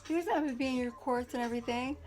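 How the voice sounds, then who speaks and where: A woman's voice: high-pitched, quick pace, darkish tone. Heated, rambling woman venting. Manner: rambling, heated, profane, quotes others in dialogue. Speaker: parent recounting a custody court hearing. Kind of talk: casual vlog rant.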